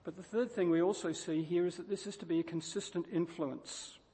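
A man's voice: high-pitched, steady tone, a little fast, dark tone, in a large hall. A man preaching a sermon, driving his points home through repetition and emphatic stress, often restarting words mid-phrase.

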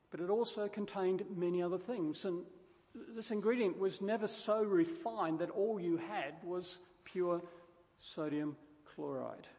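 A man with a notably high-pitched voice delivers a sermon, pressing each point with emphatic repetition and frequent stumbling restarts. His voice rings out with a long reverb tail, as if in a large hall. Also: unhurried, a little mellow. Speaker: preacher.

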